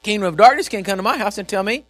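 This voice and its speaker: A man preaching a sermon, animated and repetitive, swinging from shouts to quiet asides. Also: sits high, rapid-fire, dry recording. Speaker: pastor.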